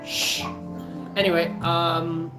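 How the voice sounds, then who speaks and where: A man's voice: on the high side, level tone, slow pace, over music. A young man in his twenties with a South African accent, chatting casually to camera in a rambling, jokey way with lots of restarts. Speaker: vlogger. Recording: echoey room.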